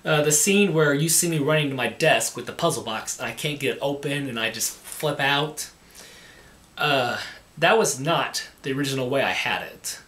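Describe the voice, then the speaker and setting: Man, hobby filmmaker, halting casual talk, repeats himself, echoey room. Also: mid-range voice, fairly bright tone. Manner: halting, repeats words and restarts often. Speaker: amateur filmmaker. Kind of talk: casual behind-the-scenes talk. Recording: echoey room, mic at a distance.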